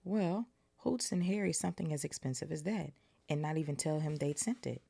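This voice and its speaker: A woman's voice: low voice, brisk, gravelly, dark tone, slightly rough, pitched above the performer's own voice, heavily acted. A woman doing a prim, anxious teen girl witch. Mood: uneasy. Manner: prim attempt at a British accent.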